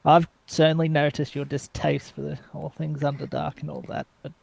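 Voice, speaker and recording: A man speaks in character during a tabletop game, slow and halting, with sighs between phrases. His voice is gravelly and a bit high. The sound is dry and close, with no room behind it. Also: little pitch movement, darkish tone, no echo. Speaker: player.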